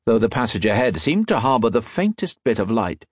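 Male audiobook narrator, husky, lively, dramatic, dry booth sound. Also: mid-range voice, brisk, no room sound.

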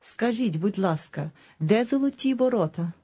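A woman giving model phrases in a language course, with careful, deliberate pronunciation for repetition. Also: medium pitch, lively intonation, dark tone, breathy edge.

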